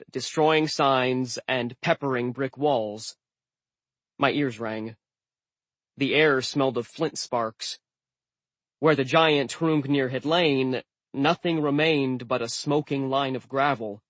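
A man narrating a novel in the first person with a steady, wry, measured delivery. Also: medium pitch, no room sound. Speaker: audiobook narrator.

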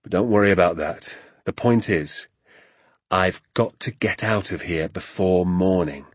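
Man doing a hurt dad, calm n gentle, low husky voice, dry sound. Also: a little slow, dry recording. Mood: tender. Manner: calm and tender, shouting from afar. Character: injured father, gentle and steady.

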